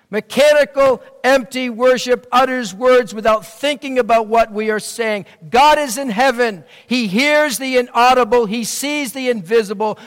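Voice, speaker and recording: Male pastor, high voice, earnest preaching that swells and drops, heard in a big reverberant church. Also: a bit bright. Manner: earnest, rising and falling preaching delivery. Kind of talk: sermon. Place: church sanctuary. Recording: long reverb of a church hall.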